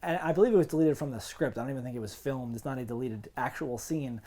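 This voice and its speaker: A woman co-hosting a casual movie review podcast, rambling with many "like"s and animated asides. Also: very deep voice, fast. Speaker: podcast co-host.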